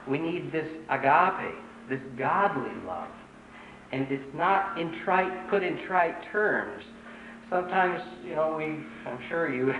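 A man's voice: fairly high pitch, echoey room, highs cut off, slight background noise. A man conducting a choir rehearsal, teaching in an earnest, emphatic way with many fillers.

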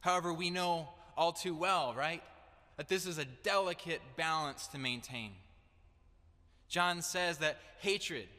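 Young male preacher, earnest sermon delivery, bright tone, long hall reverb. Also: fairly high pitch. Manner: earnest, direct, building to emphatic declarations. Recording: echoey hall.

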